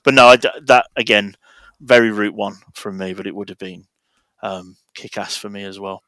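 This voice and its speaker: Lower-voiced man asking podcast questions. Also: fairly even intonation, normal speed, fairly bright tone, clean tone, no echo. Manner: jokey, self-deprecating questioner. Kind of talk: casual chat.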